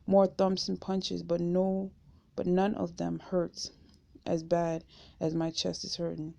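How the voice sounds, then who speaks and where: A woman reading a memoir aloud in first person, steady and unhurried, on a dull lo-fi home recording. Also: fairly low pitch, gravelly. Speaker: audiobook reader.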